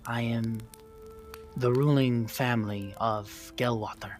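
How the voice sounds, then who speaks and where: Brief: hushed, guarded noble lady in her late forties, as a man puts her on at the game table, faint music under. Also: medium pitch, fairly even intonation, takes it slowly, natural voice.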